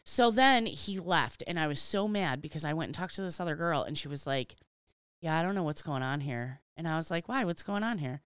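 In casual conversation, a podcast co-host recounts a work story, acting out every exchange and venting with offhand swearing. The voice is mid-range, smooth and a little fast. It's a clean studio recording with no room sound.

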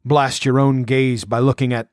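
A man voicing a wounded, wrathful barbarian king in a storybook reading, with a growling, forceful delivery. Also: medium pitch, level tone, normal speed, no room sound, clean studio sound, lightly acted. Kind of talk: audiobook character voice.

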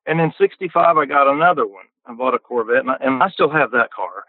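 An older man, a podcast guest, tells car stories in a folksy, casual way at a quick pace. His mid-range voice comes over a dry, tinny phone line, and he often repeats words as he begins.

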